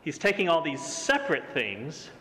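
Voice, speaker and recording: A middle-aged man preaching a sermon, reading scripture and acting out the quotes in a lively, high voice. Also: moderate pace, a little hiss or hum. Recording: long hall reverb.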